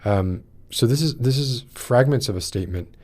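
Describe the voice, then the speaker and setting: A man's voice: mid-range voice, animated, moderate pace, a little mellow. A man hosting a podcast livestream, rambling with many fillers as he greets people in the chat and then reads a short text aloud. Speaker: podcast host. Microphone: wears in-ear monitors.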